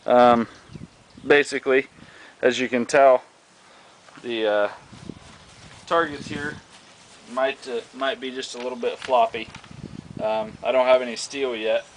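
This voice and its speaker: A man's voice: medium pitch, fairly even intonation, unhurried, pauses often, a little hiss or hum, low-quality recording. A man casually showing off a homemade target stand, rambling with many fillers and restarts. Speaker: hobbyist vlogger showing a homemade build. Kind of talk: casual outdoor show-and-tell.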